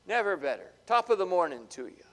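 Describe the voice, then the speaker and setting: A man's voice: high-pitched, very animated, a little fast, a bit bright, voice pushed up. A man doing a breezy, cheerful Daniel. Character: Daniel, cheerful unharmed old prophet. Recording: long hall reverb.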